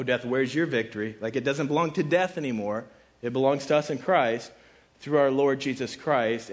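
A man preaching a sermon as pastor. He talks casually and conversationally, fills his speech with "like," and acts out the people he quotes. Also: mid-range voice. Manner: casual and conversational, with frequent "like" fillers; dramatic, voices the people in his scripture quotes.

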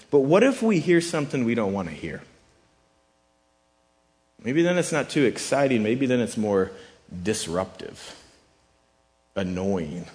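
A man preaching a sermon in a conversational way, sometimes acting out the voices he quotes. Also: mid-range voice. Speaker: pastor.

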